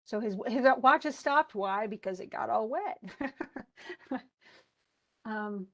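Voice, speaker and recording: A woman's voice: fairly high pitch, lively intonation, slow pace, a bit bright. A woman college English instructor giving an informal lecture. She reads passages from a story aloud and comments on them in a chatty way, with many fillers and restarts.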